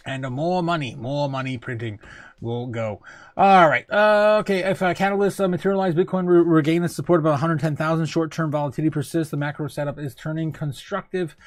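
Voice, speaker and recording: A man hosting a casual livestream, reading news and chatting with viewers, full of fillers and quick laughs. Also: fairly high pitch, dry recording. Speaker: crypto show host.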